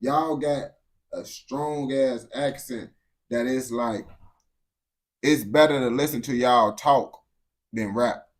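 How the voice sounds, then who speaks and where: A man's voice: medium pitch, steady tone, takes it slowly, long pauses. A man giving casual reaction commentary, blunt and profane, full of slang and repeated phrases. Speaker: reaction streamer.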